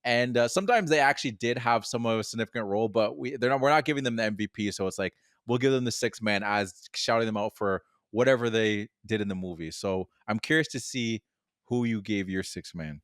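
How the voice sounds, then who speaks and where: A man's voice: lowish voice, fairly quick, a bit bright, clear, resonant tone, dry recording, studio quality. A man co-hosting a film podcast in casual chat, laughing often and acting out lines from scenes. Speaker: podcast co-host.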